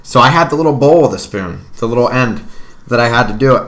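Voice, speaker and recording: A young man on a podcast, telling a profane, animated story to friends in casual chat. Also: medium pitch, quick pace. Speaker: podcast co-host.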